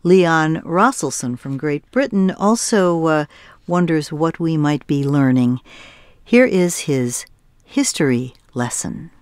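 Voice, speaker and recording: A woman's voice: deep voice, expressive, slow pace, darkish tone. A woman hosting a radio music show, casually introducing songs. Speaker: radio host.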